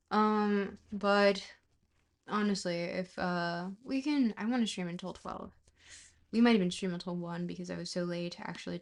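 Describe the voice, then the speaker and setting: Reading a book aloud on her livestream, a woman talks casually with viewers in fragments that fade out and begin again, often laughing at herself. She has a mid-range voice with vocal fry.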